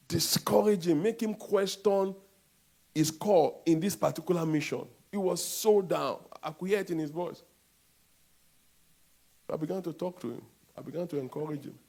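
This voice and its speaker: A man with a Nigerian accent preaching a sermon as a pastor, with sudden loud outbursts and calls for the congregation to answer back. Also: high voice.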